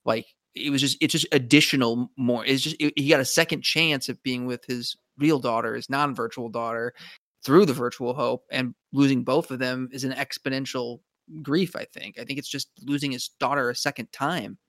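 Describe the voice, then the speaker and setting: A man's voice: medium pitch, fairly even intonation, moderate pace, a bit bright, no echo. A man with a mid-range voice talks through a TV show in a loose, rambling way, often restarting his sentences. The recording is dry, with no room sound. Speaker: podcast co-host. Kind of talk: casual chat about a TV show.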